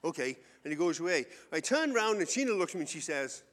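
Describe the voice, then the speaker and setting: A man's voice: high-pitched, very animated, fast, a bit bright. A man with an English accent preaching a sermon, telling a conversational, self-mocking personal story before turning to scripture. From England. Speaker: pastor. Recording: long hall reverb.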